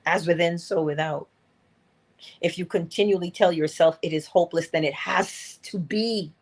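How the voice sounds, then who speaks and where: A woman's voice: lowish voice, moderate pace, a little mellow. A woman giving a motivational livestream talk as an inspirational speaker, earnest and coaching, repeating her key phrases.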